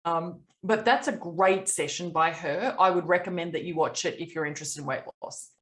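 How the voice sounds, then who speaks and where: A woman's voice: on the low side, normal speed. Woman running a zoom mentoring call, casual, lots of ums, over a video call mic. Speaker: host of group mentoring call.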